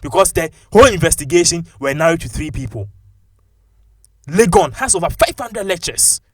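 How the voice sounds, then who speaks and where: A man with a Ghanaian English accent giving animated, opinionated commentary and mixing local-language phrases into his English. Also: a little high, normal speed, dry recording, studio quality.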